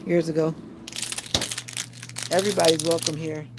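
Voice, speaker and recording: A woman's voice: deep voice, little pitch movement, normal speed, very noisy. A woman hosting a casual livestream, chatting and answering viewer comments aloud. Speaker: livestream host.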